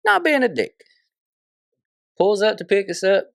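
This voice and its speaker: A young man, a podcast guest, telling a story in a casual, animated way, laughing often and swearing a lot. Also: high voice, unhurried, vocal fry, no echo, studio quality.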